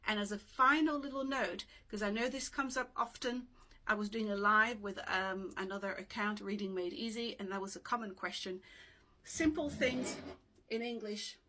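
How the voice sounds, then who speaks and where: A woman with a sharp-toned, mid-range voice gives a casual video lesson on dictionary pronunciation, explaining patiently and checking "okay?" as she goes. The recording has room sound and no microphone, so her voice sometimes drifts from the camera.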